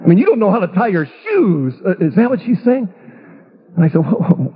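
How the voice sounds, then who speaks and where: Heard through a tinny, phone-like radio broadcast, a middle-aged pastor shares a humorous, self-mocking testimony story from his life. His voice is high with a breathy edge, and he speaks fast and very animatedly.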